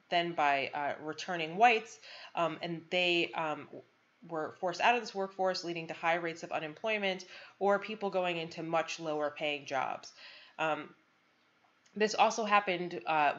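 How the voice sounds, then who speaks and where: A woman giving a college lecture, pausing often with frequent ums and restarts. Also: low-pitched, fairly bright tone. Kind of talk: recorded lecture. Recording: dull lo-fi lecture recording.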